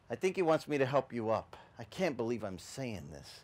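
Male pastor, lively storytelling sermon voice, swings wide in pitch, middle register. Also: moderate pace, hardly any pauses. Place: beach service outdoors.

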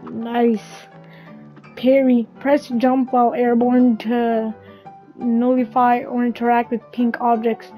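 A woman's voice: a little high, little pitch movement, slow, muffled recording, faint music behind. A woman gamer reading a game's storybook intro and tutorial aloud, with wry asides.

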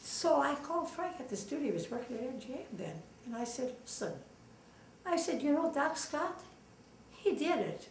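Older woman with a gravelly voice. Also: sits high, normal speed, far from the mic. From Los Angeles. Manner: lively, acts out quoted dialogue with fillers. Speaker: oral history interviewee. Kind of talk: casual storytelling. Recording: echoey room, voice off-mic, faint noise.

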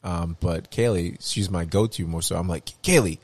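A man in his thirties chats casually on a podcast, telling animated stories and acting out the people in them. His voice sits on the low side. The sound is dry and close. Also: normal speed, no room sound. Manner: animated storyteller, mimics people in raised voices. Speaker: podcast co-host. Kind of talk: casual chat.

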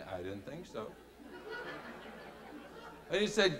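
A middle-aged man preaching a sermon as a folksy, animated story, swinging between quiet asides and loud peaks. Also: fairly high pitch, a little slow, long pauses. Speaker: speaker. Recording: reverberant hall.

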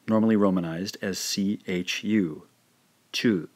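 A man's voice: sits low, expressive, a little mellow. A man teaching a language lesson, carefully pronouncing syllables one by one in a scripted instructional narration. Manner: slow, careful syllable-by-syllable pronunciation drills.

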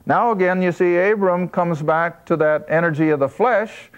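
A man teaching a Bible study lesson, emphatic and slowing down to stress key points. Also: high-pitched, clear, resonant tone.

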